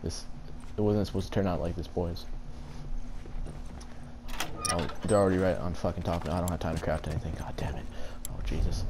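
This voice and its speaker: A man's voice: deep voice, fairly quick, pauses often, background noise. A man giving panicky, mock-dramatic let's play commentary, swearing as he plays. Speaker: gamer. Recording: loud gunfire game audio behind.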